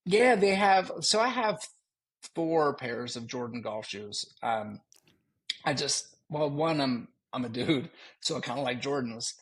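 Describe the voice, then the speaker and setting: Brief: male podcast co-host, raspy and a bit breathy, lively storyteller who laughs a lot. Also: medium pitch, unhurried. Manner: animated, laughing, slips into joking voices. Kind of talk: casual storytelling chat.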